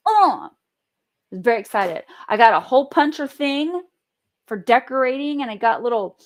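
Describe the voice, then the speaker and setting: A woman vlogging at home, telling a story in an animated, chatty way and swearing freely. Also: high voice, moderate pace. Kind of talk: casual storytelling vlog.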